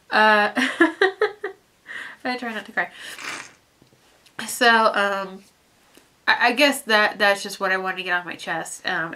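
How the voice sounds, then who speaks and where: A young woman in a personal vlog, heartfelt and halting, near tears as she talks. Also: medium pitch, pushed and bright. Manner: halting, heartfelt, many restarts and fillers. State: teary, fighting back tears. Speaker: vlogger.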